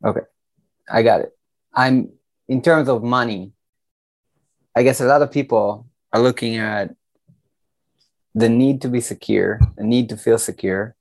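A man's voice: mid-range voice, a little slow, pauses often. A man co-hosting a podcast, easygoing, chiming in with agreement and thoughtful questions. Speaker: podcast co-host. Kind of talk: casual podcast talk.

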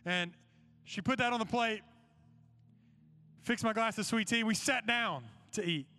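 A man's voice: sits high, a little slow, bright, forceful tone. A young man preaching a sermon to students, telling a personal story and then making an urgent appeal. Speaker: youth preacher.

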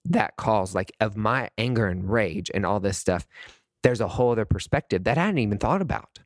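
A man's voice: lowish voice, expressive, brisk, dry recording, clean studio sound. Impassioned man hosting a podcast. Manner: impassioned, rambling, many restarts and "like"s. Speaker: podcast host. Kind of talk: casual podcast monologue.

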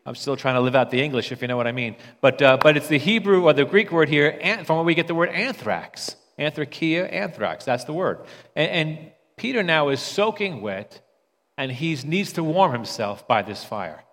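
A man's voice: a little high, expressive, moderate pace, a bit bright, in a large hall. A man preaching a sermon in a conversational way, often stumbling and repeating words as he restarts.

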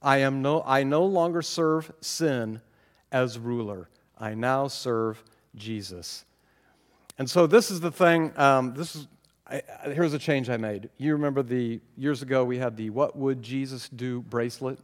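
A man preaching a sermon as pastor, animated and self-mocking, laughing often as he talks. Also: mid-range voice, unhurried, long reverb tail.

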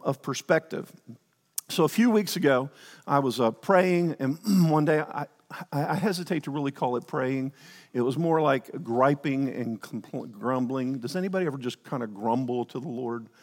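A man preaching a sermon in a church, rambling and breaking off his sentences to add joking asides. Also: fairly high pitch. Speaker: pastor. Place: church sanctuary. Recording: long hall reverb.

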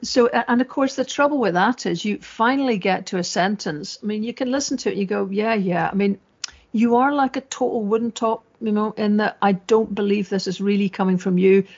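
A woman's voice: medium pitch, fairly even intonation, brisk, darkish tone. A woman hosting a casual political podcast, chatty and sardonic, quoting lines in mock voices. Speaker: podcast host. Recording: dull lo-fi audio.

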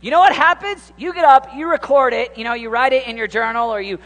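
A high-voiced man in his thirties preaches in a loose, conversational way. He rambles, drops to hushed asides and then jumps up into excited exclamations. His voice rings out with a long reverb. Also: fast. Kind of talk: informal sermon.

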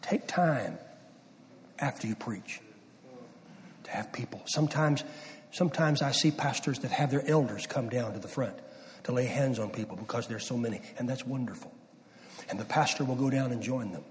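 A middle-aged man preaching a sermon, swinging from loud emphasis down to hushed near-whispers. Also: mid-range voice, normal speed, a little hiss or hum. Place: church sanctuary. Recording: distant mic with long hall reverb.

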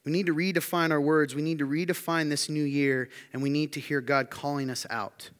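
A man's voice: fairly even intonation, a little fast, clear, resonant tone. A man preaching a sermon to his congregation, emphatic and often asking the room rhetorical questions. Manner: emphatic, building to loud high-pitched intensity. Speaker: pastor. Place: church hall. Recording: long hall reverb.

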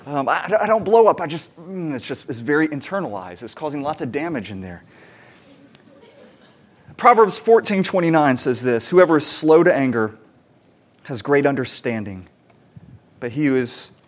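A man in his thirties, a pastor and parent, preaching a conversational sermon with fillers and lively retellings. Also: fairly high pitch.

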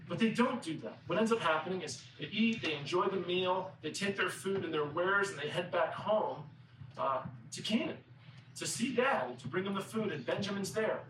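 Guy preaching, kinda high voice, conversational storytelling, roomy and a bit far off the mic. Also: lively intonation, normal speed, noisy background. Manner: conversational storytelling, acts out quoted characters. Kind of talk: sermon.

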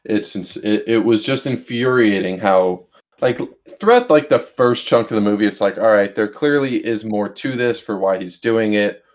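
A man's voice: fairly low pitch, moderate pace. A man co-hosting a casual film chat, ranting in an exasperated, profane way.

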